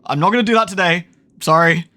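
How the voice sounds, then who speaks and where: A British man chatting to viewers as he streams a game. He rambles, corrects himself and swears cheerfully. His voice sits fairly high and leaps around animatedly. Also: lively intonation, a little fast, fairly bright tone. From United Kingdom. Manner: rambling, self-correcting, sweary, laughs a lot. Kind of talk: casual livestream chat.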